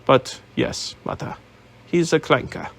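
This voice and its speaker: A man's voice: medium pitch, wildly swooping pitch, unhurried, gravelly, a bit bright, full character voice. A man doing a weary, dry young revolutionary. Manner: tired, dry.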